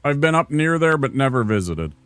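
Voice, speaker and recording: A man's voice: medium pitch, very animated, a little fast, a bit bright, clean tone, dry recording, soft background music. A laid-back man from Minnesota streaming a game, rambling casually and talking to viewers by name. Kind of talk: casual gameplay chat with chat.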